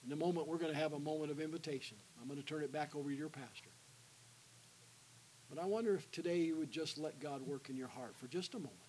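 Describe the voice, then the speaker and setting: A man's voice: a little high, fast, slight background noise, poor audio. Preacher man, call-and-response sermon. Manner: call-and-response with the congregation, alternating loud and hushed. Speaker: guest preacher. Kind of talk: evangelistic sermon. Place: church sanctuary.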